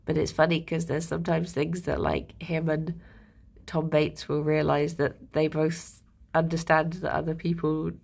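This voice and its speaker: A woman streamer from England chats at an unhurried pace, wandering from thought to thought with plenty of fillers. Her voice has a gravelly fry to it, and it goes higher and sing-song when she coos at her pets. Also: flat delivery, darkish tone. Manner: rambling, chatty, with lots of fillers. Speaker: live streamer. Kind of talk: casual chat on a live stream.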